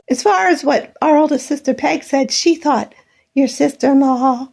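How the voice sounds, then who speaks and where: A woman's voice: high-pitched, moderate pace, gravelly, a little mellow. An older woman in a bitter, sarcastic personal monologue, airing grievances at her absent family. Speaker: vlogger.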